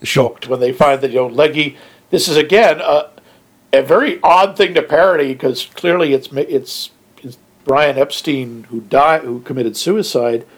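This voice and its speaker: A man with an ordinary middle-pitched voice talks through a film in casual podcast chat. He is wry and dry, and he reacts with short interjections. His tone stays conversational and easy. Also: a little slow. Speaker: podcast co-host.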